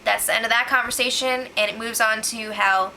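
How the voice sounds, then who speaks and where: A woman giving a casual, animated spoiler recap, exclaiming and acting out what people said. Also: fairly high pitch, brisk, slight background noise, low-quality recording. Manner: animated, exclaiming, acts out quotes. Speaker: show recap host.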